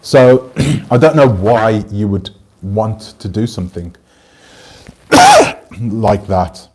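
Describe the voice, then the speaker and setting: A man's voice: on the low side, huge pitch swings, slow pace, darkish tone, slight background noise. A man hosting his channel, chatting casually and rambling as he talks to viewers and reads out their comments. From Britain. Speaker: channel host.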